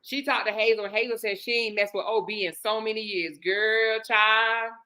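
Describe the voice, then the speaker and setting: A woman, gossiping in a sassy, animated way on a casual chat show. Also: fairly high pitch, moderate pace. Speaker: co-host.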